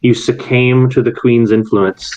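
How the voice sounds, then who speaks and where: A man narrating as game master of a tabletop game, with quick, rambling asides. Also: medium pitch, steady tone, a little mellow, muffled recording.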